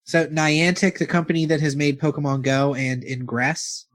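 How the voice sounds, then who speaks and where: A man's voice: on the high side, steady tone, normal speed, a bit bright, no room sound, clean studio sound. A man co-hosting a gaming podcast in casual, jokey chat. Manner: jokey, mock British accent when reading. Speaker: podcast co-host.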